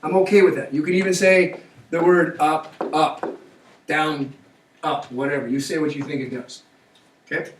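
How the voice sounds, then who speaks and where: A man's voice: on the high side, steady tone, normal speed, pauses often, a little hiss or hum. A man teaching a math class, coaxing students along with frequent check-in questions. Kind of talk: classroom lecture. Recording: echoey classroom, mic far off.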